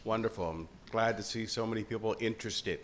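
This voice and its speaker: A man's voice: lowish voice, brisk. Man from thailand, late fifties, panelist, jovial and joking, emphatic, faint background noise. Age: late 50s. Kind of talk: panel discussion remarks.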